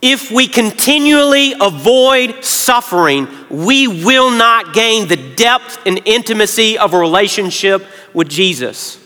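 High, bright-voiced preacher in a big hall. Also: male voice, expressive, unhurried, few pauses, soft background music. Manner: earnest, drops to quiet tones when emotional. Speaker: pastor. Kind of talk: sermon. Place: large church hall. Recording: reverberant church hall.

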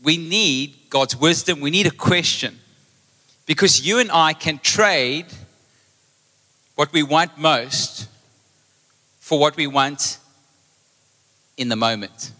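A man's voice: on the high side, slow pace, pauses often. A man preaching a live sermon as pastor, telling a story and acting out both sides of a conversation. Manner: storytelling, animated retelling of conversations. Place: church hall. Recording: long hall reverb.

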